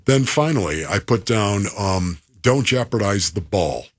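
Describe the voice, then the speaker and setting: A man's voice: on the low side, lively intonation, measured pace, slightly rough. A man hosting sports talk in a playful, theatrical way, rattling off points in a list. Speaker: sports radio host.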